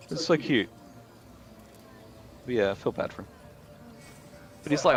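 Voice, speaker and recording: A man's voice: mid-range voice, expressive, moderate pace, long pauses, crowd noise, low-quality recording. A man streaming a game with friends, telling rambling, swear-filled stories in casual chat. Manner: rambling anecdotes, frequent swearing. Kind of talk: casual chat while gaming.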